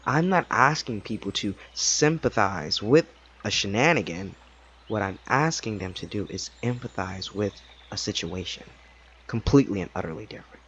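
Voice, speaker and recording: Animated man telling a story. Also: fairly low pitch, moderate pace, slight background noise. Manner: animated, acts out quoted voices, laughs often. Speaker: podcast host. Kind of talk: casual storytelling monologue. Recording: slightly dull lo-fi recording.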